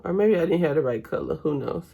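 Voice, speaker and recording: A woman's voice: low voice, lively intonation, fast talker, gravelly, mellow, slightly rough. A young woman, chatting casually with her viewers while doing her makeup at home. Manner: chatty, addresses viewers as y'all. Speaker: vlogger.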